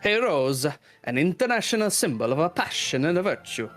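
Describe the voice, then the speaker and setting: A man's voice: fairly high pitch, sing-song, brisk, a bit bright, faint music behind, pitched above the performer's own voice. A man voicing a flamboyant, pompous male fox prince with a put-on mock Spanish accent and flowery, over-polite speech. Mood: grandiose.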